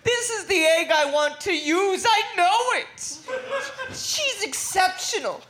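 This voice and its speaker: A woman's voice: very high voice, lively intonation, takes it slowly, a bit bright, heavily acted. A woman playing an eager, doting young wife in an improv comedy scene, giggly and coaxing.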